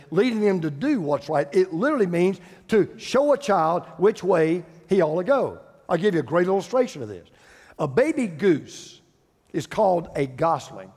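A man's voice: sits high, darkish tone, slightly rough. An older man preaching a sermon as pastor, emphatic, repeating phrases for stress. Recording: long hall reverb.

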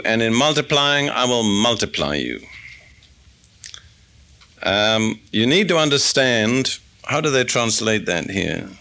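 Bright-voiced man preaching a sermon. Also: mid-range voice. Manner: conversational teaching, reads scripture aloud. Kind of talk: expository sermon.

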